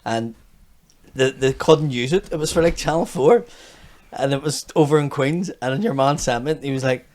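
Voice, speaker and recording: A man with a Belfast accent, a comedian guest in casual podcast chat, telling stories in an animated way and swearing freely. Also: mid-range voice, moderate pace.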